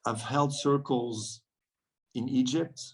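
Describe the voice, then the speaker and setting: A man's voice: mid-range voice, steady tone, slow pace, rough recording. A man from France, a guest on a podcast, telling stories in an earnest, reflective way and often laughing between thoughts. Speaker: guest, men's circle facilitator.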